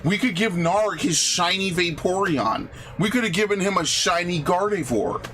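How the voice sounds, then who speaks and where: Exasperated New streamer ranting. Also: male voice, high voice, animated, normal speed, pushed and bright, faint music behind. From New York. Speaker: game streamer. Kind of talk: live game stream commentary.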